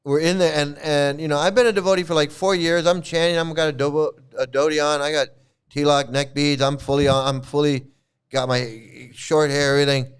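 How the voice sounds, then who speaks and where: A man talks in a loose, rambling way, tripping over his words and restarting often. His slightly high, smooth voice carries a mocking edge. He laughs as he goes on a casual rant. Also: fairly even intonation, a little fast. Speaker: channel host, former devotee.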